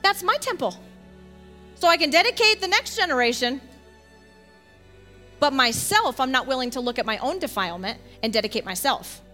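A woman preaches to her congregation in a chatty, animated way, often breaking into little laughs and quick asides. Her voice sits high and sounds bright and sharp. Soft music plays underneath. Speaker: teacher in a congregation. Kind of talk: sermon teaching.

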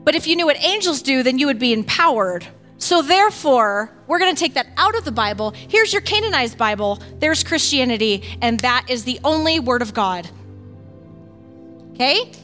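Woman, high pitch, bright tone, emphatic, animated faith teaching, faint background music. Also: brisk. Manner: emphatic, animated, acts out others' words. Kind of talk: casual teaching talk on faith.

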